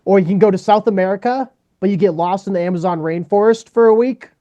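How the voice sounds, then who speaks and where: A man's voice: high voice, quick pace, mellow. A man hosting a comedy podcast, casually reading out would-you-rather questions and prompting his co-hosts. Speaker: podcast host. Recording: dull lo-fi sound.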